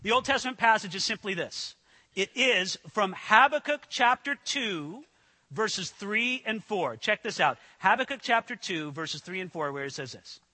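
A man delivers an earnest sermon in a high, bright, forceful voice. He leans hard on scripture quotes, slowing to stress each word. His voice carries a long reverb through a large hall. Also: lively intonation. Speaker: pastor. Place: church hall with an audience.

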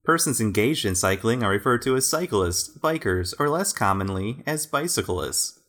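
Man, low voice, casual podcast, deadpan, reads facts aloud. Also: moderate pace. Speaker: podcast co-host.

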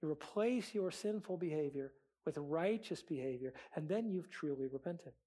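A man's voice: on the high side, expressive, moderate pace, mellow. A man preaching a sermon as pastor, earnest, acting out quoted prayers and excuses.

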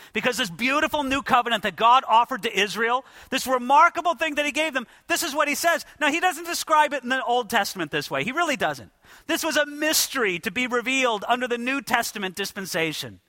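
Male pastor, high voice, dry close sound, emphatic sermon delivery with direct address. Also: pushed and bright, no room sound. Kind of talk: expository sermon.

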